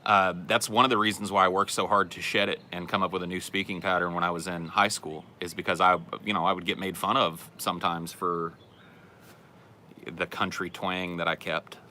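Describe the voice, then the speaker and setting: A man's voice: deep voice, little pitch movement, moderate pace, sharp tone, slight background noise. A young man from California's Central Valley with a general American Southern accent, chatting casually as a podcast host and often stammering and restarting his sentences. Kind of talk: casual Q&A chat.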